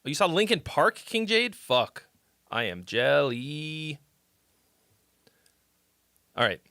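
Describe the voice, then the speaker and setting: A man's voice: a little high, big pitch swings, slow pace, pushed and bright, no room sound, clean studio sound. A man hosting a live stream where he critiques fans' songs, chatting loosely, swearing and reacting on the fly. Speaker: livestream host critiquing fan songs. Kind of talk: casual live-stream chat.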